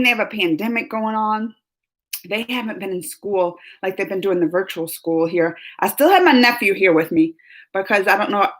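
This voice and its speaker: A woman hosting a casual live stream who laughs often and greets her chat by name. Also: medium pitch. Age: adult, mother of school-age kids. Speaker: livestream host.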